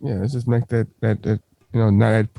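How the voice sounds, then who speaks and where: A man co-hosts a podcast in casual banter, joking around and slipping into mocking put-on voices. His lowish voice is mellow with vocal fry and a flat, slightly fast delivery, with no echo.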